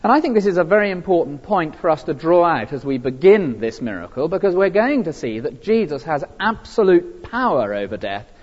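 A man's voice: on the high side, sing-song, brisk, few pauses. A man preaching a sermon earnestly, with frequent fillers and restarts. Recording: dull, lo-fi recording with long hall reverb.

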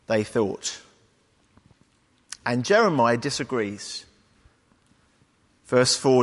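A man preaching a sermon in a measured, conversational way. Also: medium pitch, lively intonation, a bit bright, in a large hall.

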